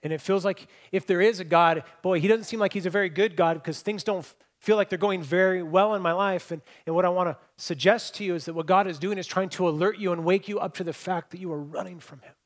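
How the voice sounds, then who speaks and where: A man preaching a sermon as pastor, telling stories, shifting between loud emphatic points and quiet, hushed lines. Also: sits high, fast, hardly any pauses. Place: church hall with congregation.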